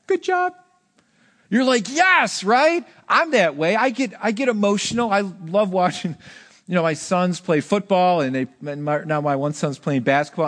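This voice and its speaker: A middle-aged male pastor preaching a sermon in an animated, emphatic way, with joking asides. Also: a little high.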